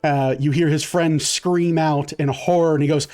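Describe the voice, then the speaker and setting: A man's voice: a little high, fairly even intonation, normal speed, hardly any pauses, a little mellow. A man running a tabletop game as dungeon master, narrating vividly with many fillers.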